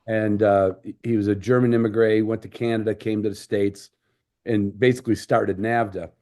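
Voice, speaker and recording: A man's voice: on the low side, flat delivery, normal speed, mellow. A man hosting a podcast, telling stories in a casual, rambling way with many restarts. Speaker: podcast host. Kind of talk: casual storytelling chat.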